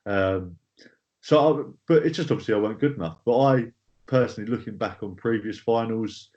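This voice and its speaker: Low-voiced man, dull recording. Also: fairly quick, a little mellow. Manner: plain-spoken, rambling with fillers and swearing. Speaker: guest bodybuilder. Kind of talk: casual podcast chat. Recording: slightly dull lo-fi audio.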